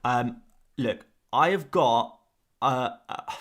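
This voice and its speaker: A man's voice: mid-range voice, slow, a bit bright. A man hosting a fantasy football live stream, talking casually to his viewers and often repeating himself as he rambles.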